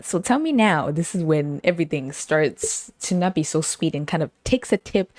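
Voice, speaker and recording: A young woman with a low voice, telling a story in a casual, rambling way, full of slang and quick laughs. The sound is dry and close. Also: expressive, a little mellow, dry recording. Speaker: podcast host.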